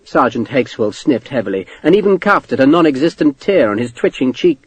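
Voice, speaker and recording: Husky man reading an audiobook. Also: mid-range voice, a little fast, no room sound, lo-fi sound. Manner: expressive, varied delivery. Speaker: audiobook narrator. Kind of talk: scripted audiobook narration. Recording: dry close studio recording.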